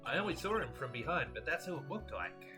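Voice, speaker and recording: A man playing a timid young acrobat giving testimony, soft-spoken and earnest in a slightly raised voice. Loud game music sits behind him. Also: fairly high pitch, big pitch swings, quick pace, pitched above the performer's own voice.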